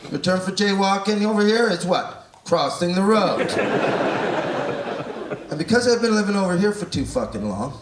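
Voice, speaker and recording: A man's voice: high-pitched, lively intonation, moderate pace, pauses often, very noisy. A Canadian man doing a profane, ranting stand-up routine and teasing an audience member. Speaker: stand-up comedian. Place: large theatre stage. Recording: echoey theatre, distant, loud crowd laughter.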